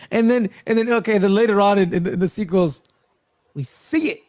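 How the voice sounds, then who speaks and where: A man with a somewhat high voice co-hosts a casual movie review chat. He is animated and acts out characters' lines as he retells scenes. The sound is dry and close. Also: normal speed, no room sound. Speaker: podcast co-host.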